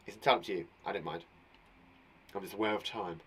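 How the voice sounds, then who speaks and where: Lively, encouraging English male teacher. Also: lowish voice, a little fast, slightly rough. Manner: upbeat, encouraging, repeats questions to pupils. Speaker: primary school teacher. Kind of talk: online lesson for young children.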